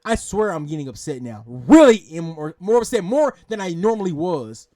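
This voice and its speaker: A man's voice: high-pitched, big pitch swings, moderate pace, mellow, no echo, clean studio sound. A man hosting a reaction video, ranting in exasperation, swearing and repeating himself. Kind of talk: angry rant commentary.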